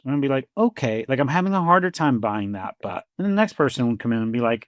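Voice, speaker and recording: A man's voice: medium pitch, sing-song, quick pace, hardly any pauses, no room sound, studio quality. A man who works as a therapist, co-hosting a conversational podcast in a reflective storytelling way, acting out quoted dialogue and often saying "you know" and "like.".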